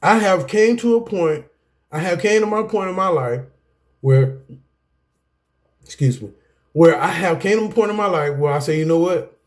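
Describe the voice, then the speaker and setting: A man's voice: high voice, moderate pace, pauses often. A man giving a self-help lesson to camera in a preacher-like cadence, often laughing and breaking off mid-sentence. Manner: preacher-like cadence, addresses viewers as y'all. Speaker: self-help video teacher. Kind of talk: preachy talk to camera about anger.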